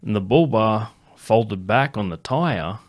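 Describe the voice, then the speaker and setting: A man impersonating a laid-back male country singer, with an American Southern accent and a slow drawl. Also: on the low side, animated.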